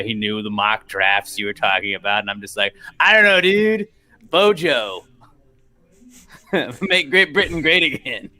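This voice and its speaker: Young american man, podcast co-host, casual and jokey, crude language, bright tone. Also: medium pitch, clean tone. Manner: swears freely, jokey, slips into silly mock voices. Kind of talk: casual chat.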